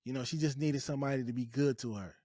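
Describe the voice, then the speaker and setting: A man hosting a podcast, giving blunt, profane advice and hammering points home by repeating them, with loud outbursts and quieter asides. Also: fast talker, dry recording, studio quality. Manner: emphatic and repetitive, swinging between loud outbursts and low asides. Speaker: podcast host. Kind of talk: preachy podcast monologue.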